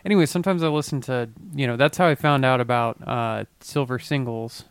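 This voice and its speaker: A man's voice: medium pitch, fairly quick, smooth, dry recording. An American man co-hosting a casual chat, laid-back and swearing freely.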